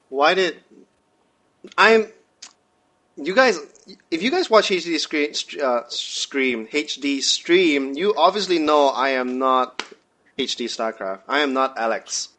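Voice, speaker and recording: A man hosting a live stream, chatting casually with halting starts and reading out chat. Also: medium pitch, expressive, sharp tone, a little hiss or hum. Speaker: stream host.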